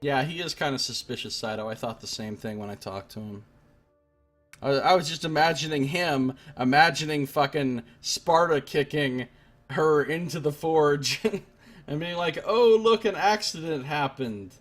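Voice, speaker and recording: A man streaming a game, giving loose, wry commentary with profane asides in a husky voice. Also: fairly high pitch, unhurried, fairly bright tone, faint music behind. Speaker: let's play streamer. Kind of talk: casual gameplay commentary.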